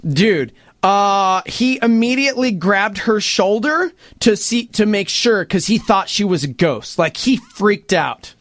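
A man casually retelling a news story to friends, animated and acting out quotes. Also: unhurried, dry recording. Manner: animated, puts on voices for quotes, sweeping pitch jumps. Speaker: storyteller in a podcast chat.

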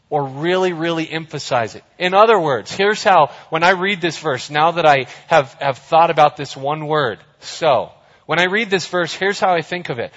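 A man preaching a sermon, emphatic, slowing down for scripture and turning loud and playful with his audience. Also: a little high. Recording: echoey hall, dull sound.

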